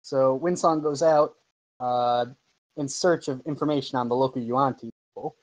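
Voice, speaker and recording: A man's voice: medium pitch, fairly even intonation, moderate pace, poor audio. A man running a tabletop game as game master, narrating loosely with many fillers and restarts. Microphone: home microphone over an online call.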